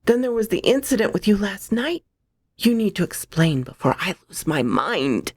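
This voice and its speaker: A woman's voice: medium pitch, big pitch swings, normal speed, breathy edge, no echo, clean studio sound, voice pushed up. A woman voicing a terrified young woman who urgently demands answers. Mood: urgent, scared. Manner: urgent and insistent.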